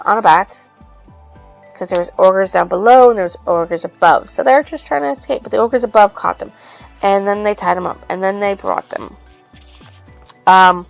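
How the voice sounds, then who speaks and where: Woman, casual book recap, gravelly fry, rambling, swears, faint background music. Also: mid-range voice, low-quality recording. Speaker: book reviewer.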